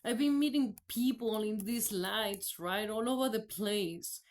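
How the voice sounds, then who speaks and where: A Spanish-speaking woman, in her role as a vlogger, shares a personal faith testimony in a mid-range, unhurried voice. Her telling is candid and rambling, packed with fillers and restarts.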